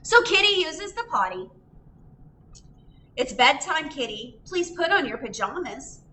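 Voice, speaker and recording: A woman's voice: sits high, sing-song, unhurried, bright, forceful tone, a little hiss or hum. A woman reading a picture book aloud at a library storytime, sing-song and full of questions for the children. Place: library room. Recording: roomy echo.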